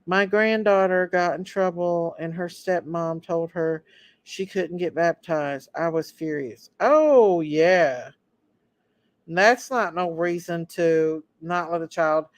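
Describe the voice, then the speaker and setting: A woman's voice: lowish voice, steady tone, takes it slowly, no echo. An older woman hosting a live chat, speaking with fervent, preacherly conviction. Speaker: livestream host.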